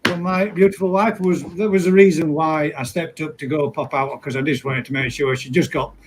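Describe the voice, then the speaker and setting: A man's voice: fairly high pitch, fairly even intonation, brisk, slight background noise, low-quality recording. A man hosting a live stream, chatting casually and laughing often as he calls people mate.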